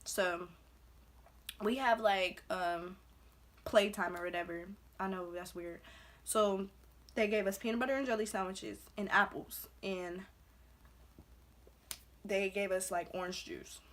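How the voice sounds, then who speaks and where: A woman's voice: medium pitch, steady tone, unhurried, pauses often, fairly bright tone. Young woman from belize doing a storytime vlog, talks super casual, says like a lot, acts out what people said. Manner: chatty, heavy use of "like", acts out quotes. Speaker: vlogger.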